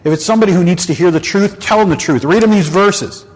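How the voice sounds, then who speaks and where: A man with a slightly husky voice hosts a candid faith talk and tells stories frankly, with lively punch. His voice rings with a long hall reverb. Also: high voice, quick pace. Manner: frank, animated storyteller. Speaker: host.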